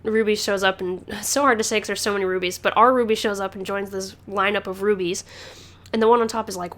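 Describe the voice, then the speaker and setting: A woman talks through her podcast in a loose, rambling way, full of fillers and restarts and frequent laughter. Her pitch sits in a typical middle range for a woman. The delivery is casual and chatty. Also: steady tone, quick pace, a bit bright. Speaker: podcast host. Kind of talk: casual chat.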